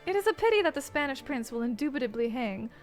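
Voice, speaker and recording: A woman's voice: sits high, sing-song, fast talker, soft background music. A woman voicing an arrogant male rooster prosecutor, haughty and grandly formal in a game stream. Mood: smug.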